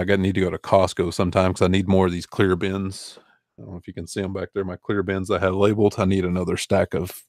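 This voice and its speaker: A man's voice: low-pitched, darkish tone, no room sound, clean studio sound. A man in his forties, an online reseller, chatting casually and rambling through viewer questions with easygoing fillers and chuckles. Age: 40s. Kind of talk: casual live Q&A chat.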